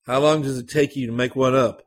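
A man voicing a brooding young Southern man with a high, nasal Tennessee accent, speaking louder and higher than his narration. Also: fairly even intonation, a little fast, lightly acted. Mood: sullen, insistent.

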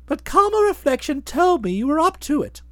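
Woman doing a posh young gent, chatty and pleased with himself, very high lively voice. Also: moderate pace, no echo, studio quality. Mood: breezy. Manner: bouncy, wordy, fond of flowery phrases. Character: chatty young English gentleman, breezy and self-satisfied. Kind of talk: audiobook drama, narrating and voicing the hero.

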